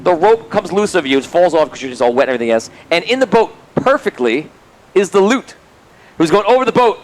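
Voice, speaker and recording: A man narrates a tabletop game as its game master, his voice sitting fairly high. He breaks into laughter often as he tells the players what happens to them. A faint hiss of noise sits under the recording. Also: sing-song, fast, rough recording.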